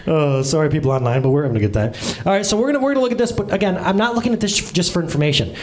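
A man's voice: a little high, sing-song, brisk, slight background noise. A man preaching a casual, joking sermon as a pastor, chatting with his congregation by name and with viewers online. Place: church service with congregation and livestream.

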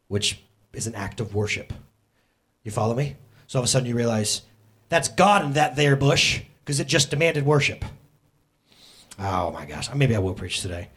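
A man's voice: medium pitch, sing-song, a little fast, a bit bright, husky. A man preaching a casual sermon in church, joking and addressing the congregation directly. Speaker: pastor. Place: church sanctuary.

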